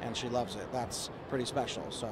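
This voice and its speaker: A man's voice: medium pitch, steady tone, brisk. Easygoing man in noisy outdoor interview. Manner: easygoing, hesitant, many fillers and restarts. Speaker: actor and producer, interview guest. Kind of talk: casual live interview. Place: outdoors at a fan convention.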